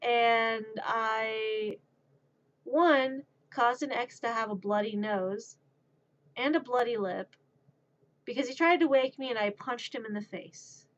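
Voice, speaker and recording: A woman's voice: on the high side, takes it slowly, a bit bright, muffled recording. A woman streamer in a casual chat who rambles, mocks herself and laughs at herself. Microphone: streaming microphone.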